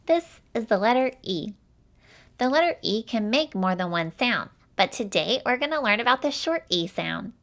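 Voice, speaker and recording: A young woman teaching a children's phonics lesson, slow and clear, stretching out each sound and cheering the listener on. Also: a little high, sing-song, a bit bright.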